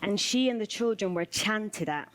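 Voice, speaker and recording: A woman's voice: mid-range voice, animated. Woman performing spoken word. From United Kingdom. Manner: measured, rhythmic delivery with repeated refrains.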